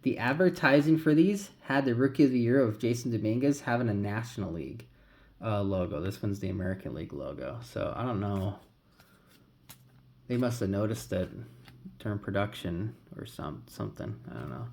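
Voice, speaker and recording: A man's voice: on the low side, expressive, moderate pace, a little mellow. A man casually talking through a pack opening, rambling and calling out names as he flips through cards. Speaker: card collector vlogger.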